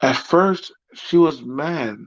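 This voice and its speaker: A man telling a personal story to his viewers in a reflective, halting way. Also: on the high side. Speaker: vlogger. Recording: dry, dull lo-fi recording.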